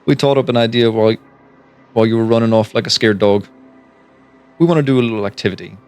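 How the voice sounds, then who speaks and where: A man's voice: mid-range voice, fast, close to an everyday voice. A man putting on a cocky Irish gunman. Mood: taunting. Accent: put-on Irish. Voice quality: loud, cocky and teasing. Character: grinning armed male Irish gunman, taunting.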